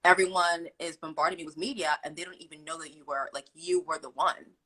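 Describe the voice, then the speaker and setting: Young adult woman guest, husky and a bit low, acts out quotes as she tells a personal story. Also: fairly quick, low-quality recording. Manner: animated, acts out quotes with fillers like "like". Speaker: guest telling her story. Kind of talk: candid storytelling.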